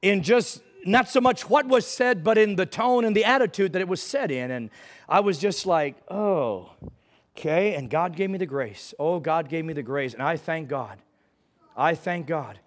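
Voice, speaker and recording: Male preacher, high-pitched, earnest sermon testimony, repeats phrases. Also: normal speed. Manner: earnest, repeats phrases, rises to fervent pleading.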